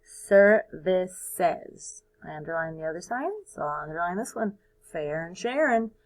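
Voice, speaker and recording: Woman, first grade teacher, video lesson, animated pitch, sing-song, encouraging, sounds out words slowly. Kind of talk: recorded lesson for young children.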